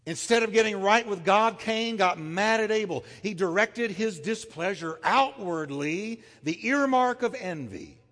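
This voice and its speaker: High-voiced preacher in an echoey hall. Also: male voice, expressive, a little slow, hardly any pauses, a bit bright. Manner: emphatic, repeats phrases, asks the congregation to say lines back to him. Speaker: pastor. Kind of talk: sermon.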